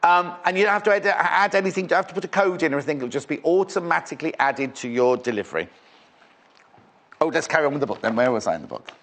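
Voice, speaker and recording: A man's voice: fairly high pitch, animated, fast, fairly bright tone. A man presenting live on a shopping channel in a studio, with chatty, rambling sales patter.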